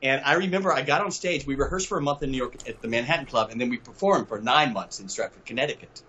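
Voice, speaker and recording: An older man from Mississippi, a guest telling lively stories over a video call and laughing often. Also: medium pitch, fast talker, a little hiss or hum. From Southern US, Mississippi. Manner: animated storyteller, laughs often.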